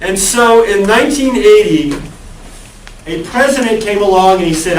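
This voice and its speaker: A man's voice: sits high, lively intonation, normal speed, slight background noise. Man lecturing a class in an echoey room. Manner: conversational, asks the class questions. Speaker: college lecturer. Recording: echoey classroom, far from the mic.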